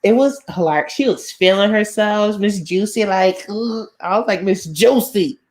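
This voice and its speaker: A woman's voice: mid-range voice, normal speed, a little mellow. A woman co-hosting a casual online chat show, playful and self-conscious, laughing often. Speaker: podcast co-host.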